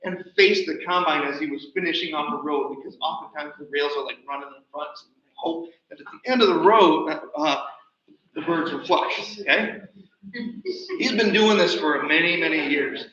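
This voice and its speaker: A man giving a chatty, animated slide show talk about a birding trip. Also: on the high side, moderate pace. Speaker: presenter. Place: nature center hall. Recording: roomy, distant, dull livestream audio.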